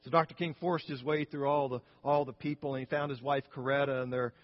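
A man's voice: mid-range voice, fairly even intonation, brisk, muffled recording. A man pastor preaching a sermon, telling a story earnestly and often restarting his phrases.

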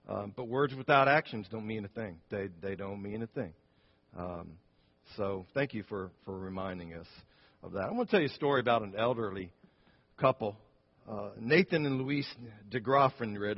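A man preaching a sermon and telling a story in a conversational way, with asides and restarts. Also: fairly low pitch. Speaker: pastor. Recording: dull sound with long church reverb.

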